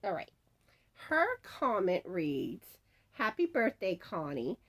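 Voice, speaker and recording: Reading out giveaway winners and their comments on her crochet channel, a woman chats casually and trips over names. Her voice is husky and mid-range, with wildly swooping pitch and a slow pace.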